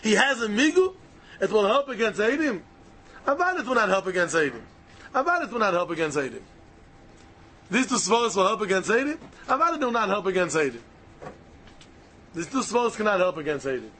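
A man's voice: high-pitched, big pitch swings, brisk, long pauses, sharp tone, slight background noise. A man teaching a Talmud lesson, arguing both sides of the question aloud and hammering points home through repetition.

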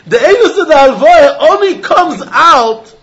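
A man's voice: very high voice, lively intonation, a little slow, fairly bright tone. A man teaching a Talmud lesson, arguing both sides back and forth and often laughing as he explains. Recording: dull lo-fi recording.

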